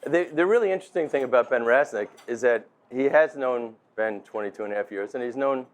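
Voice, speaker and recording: A man's voice: mid-range voice, a little fast. A middle-aged man, father of the groom, telling a rambling, laughing story in a wedding toast. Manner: chatty storyteller, laughing, many restarts. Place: restaurant dinner.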